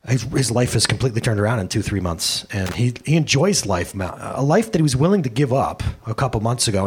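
A man in his thirties preaching a sermon as pastor, animated, swinging from loud bursts to quiet asides and acting out quoted voices, speaking into a handheld microphone. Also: mid-range voice, slightly rough.

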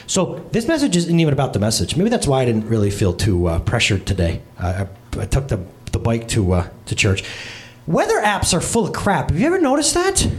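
A pastor delivers a casual, joking sermon at a church service, chatting with congregation members by name and with viewers on the livestream. His mid-range voice swings hugely in pitch, and he speaks fairly quickly.

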